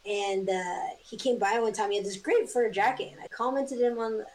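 A woman on a podcast telling casual stories in a mid-pitched voice. She is animated and laughs often. A faint hiss sits behind her voice. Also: moderate pace, low-quality recording. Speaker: podcast guest. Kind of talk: casual storytelling chat.

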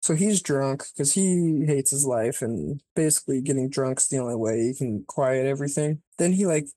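A podcast co-host casually retelling a movie plot, rambling and swearing, filling every pause with "like" and acting out the characters' lines. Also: mid-range voice, animated, mellow, no room sound. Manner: rambling, profane, peppered with "like"; acts out characters' lines mid-story.

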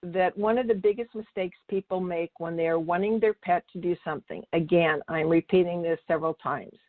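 A woman with a lowish voice talks fairly quickly, with no room sound, as an animal communicator sharing teaching stories. She restarts sentences mid-thought and performs what others said, all in a dry, tinny phone-like recording.

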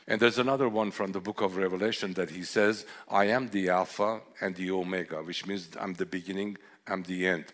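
Male preacher, deep-ish voice, earnest and reflective. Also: normal speed, fairly bright tone. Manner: earnest, reflective storytelling with scripture readings. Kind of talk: sermon.

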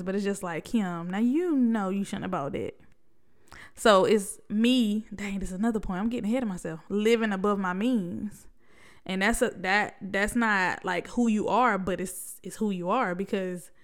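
Smooth-voiced woman podcasting solo. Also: mid-range voice. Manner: conversational and reflective, with many fillers and rhetorical questions. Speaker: podcast host.

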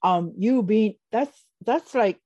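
A woman's voice: mid-range voice, no echo, highs cut off. Older woman host, encouraging and dry. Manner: warmly encouraging, quick to affirm with short responses. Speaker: podcast host. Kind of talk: casual conversational interview.

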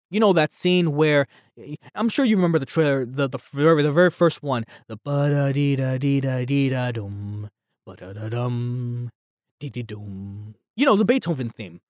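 A man's voice: fairly high pitch, animated, brisk, no room sound, studio quality. A man ranting casually about a movie, heated and rambling, with frequent stumbles and restarts. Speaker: movie reviewer.

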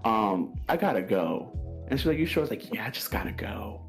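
A man with a low, steady voice hosts a relaxed podcast chat. He tells his story with animation, acting out each person's lines, and faint music plays behind him. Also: a little fast, gravelly. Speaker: podcast host.

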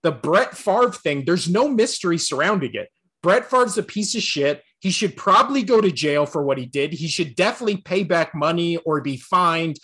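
Male podcast co-host, blunt profane rant, fairly high voice, casual sports chat. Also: lively intonation, normal speed, a bit bright, slightly rough. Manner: blunt, profane ranting with frequent laughs.

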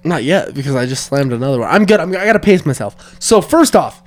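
Podcast host, male, higher voice, animated delivery, crude joking banter. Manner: joking, crude, quick interjections. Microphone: podcast mic.

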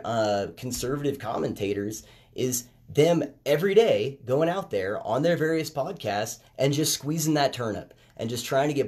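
Casual male podcaster, mid-pitched, chatty monologue that turns animated on key points. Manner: conversational, animated when making a point. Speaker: podcast host. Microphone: headphones with phone recording.

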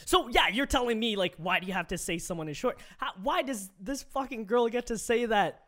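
A man's voice: sits high, expressive, a little fast, fairly bright tone. A man co-hosting a casual podcast, arguing his opinions emphatically and swearing freely. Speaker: podcast co-host.

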